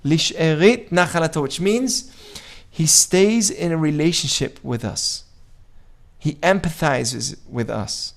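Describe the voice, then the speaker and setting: Lively man teaching Torah class. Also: fairly high pitch, slow pace, vocal fry. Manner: conversational, asks the audience questions; acts out quoted dialogue. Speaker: Jewish teacher.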